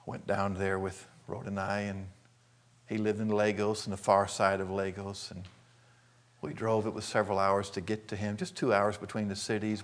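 An older man from Arkansas preaching a sermon, telling folksy stories and acting out the scenes with animated delivery. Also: on the low side. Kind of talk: sermon storytelling.

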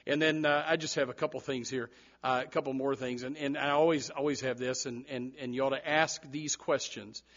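A male pastor preaching a sermon in church, animated, with repeated words and sudden loud rises. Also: medium pitch, a little fast, highs cut off.

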